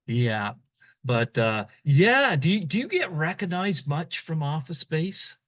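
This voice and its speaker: A man hosts a casual interview at a slow, unhurried pace. His voice is mid-pitched and relaxed, and it comes through dull and lo-fi in a dry, close space. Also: dry recording. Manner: relaxed, short prompts and backchannel. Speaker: podcast host.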